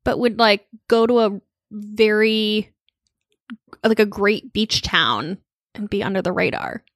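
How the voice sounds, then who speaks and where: Woman podcast co-host, mid-pitched, casual and wry, dry close-mic sound. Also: takes it slowly, fairly bright tone, no room sound. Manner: chatty, wry, thinks aloud with fillers. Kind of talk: casual chat.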